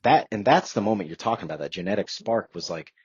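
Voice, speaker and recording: A man in his thirties tells a personal story as a podcast guest, earnest and reflective and full of fillers. His voice sits very low with a husky edge. The recording is dry and a little dull. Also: animated, fast talker, darkish tone, no room sound.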